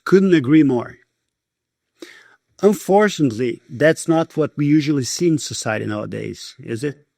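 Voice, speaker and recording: Gravelly Brazilian-accented man host. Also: a little high, normal speed, darkish tone, no echo, clean studio sound. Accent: Brazilian Portuguese. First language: Portuguese. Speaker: podcast host. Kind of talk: conversational interview.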